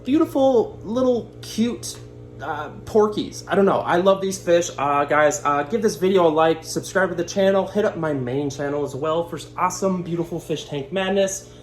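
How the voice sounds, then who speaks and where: A man hosting his own hobby channel in casual vlog talk. He sounds excited and rambling, with a lot of fillers and self-mocking jokes. His voice sits a little above the usual male range. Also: on the high side, brisk, hardly any pauses, soft background music. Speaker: aquarium channel host.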